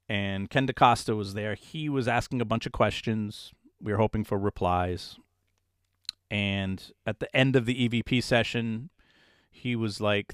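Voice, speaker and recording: This man is a paranormal investigator being interviewed, and his lowish voice comes through a dry, clean studio recording. He spins his tales in a relaxed, lively way, imitating the people he quotes.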